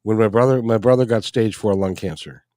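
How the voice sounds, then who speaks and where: A man hosting a podcast, speaking in a halting, reflective way about a personal memory. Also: lowish voice, warm tone. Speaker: podcast host. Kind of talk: casual personal conversation.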